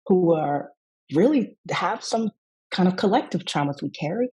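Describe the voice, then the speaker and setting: A woman's voice: fairly low pitch, animated, moderate pace, slightly rough, soft background music, low-quality recording. A woman from the Southern United States, a rest coach and yoga teacher, telling a reflective story in a summit interview. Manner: warm, reflective storytelling with acted quotes.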